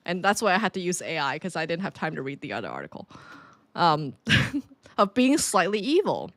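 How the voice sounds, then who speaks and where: A woman co-hosts a casual podcast chat, her pitch rising and falling a lot as she talks. She laughs often and scatters fillers through her sentences. The sound is dry and close. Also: sing-song, normal speed, fairly bright tone, dry recording. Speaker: podcast co-host.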